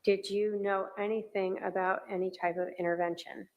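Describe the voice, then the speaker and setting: A woman questioning a witness in a courtroom in a gentle, measured way. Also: medium pitch, level tone, dull audio. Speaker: trial attorney.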